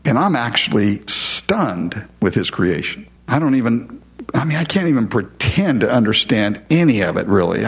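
A man's voice: on the low side, very animated, moderate pace, slightly rough. A man preaching a verse-by-verse Bible teaching in a conversational, emphatic way, often asking his listeners questions. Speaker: pastor. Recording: dull lo-fi recording.

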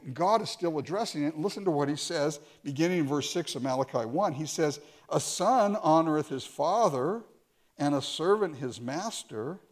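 A man preaching a sermon, reading scripture aloud and explaining it with pointed, sarcastic asides. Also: fairly high pitch.

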